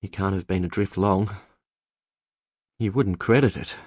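A man's voice: deep voice, measured pace, no echo, studio quality. A man voicing a tall, blunt, plain-spoken young lighthouse keeper in an audiobook. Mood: steady. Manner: plain-spoken, slangy, shouts in alarm. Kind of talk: audiobook character voice.

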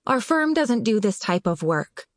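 A woman's voice: a little high, a little slow, no echo, clean studio sound. A woman reading a composed young lawyer. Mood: firm. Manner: even, short words.

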